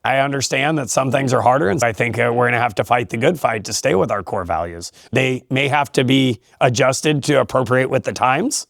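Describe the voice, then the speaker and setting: A man who coaches high school wrestling, talking in a relaxed interview in an emphatic, motivational way and laughing often. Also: brisk, vocal fry, hardly any pauses, no room sound, studio quality. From California. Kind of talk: casual interview talk.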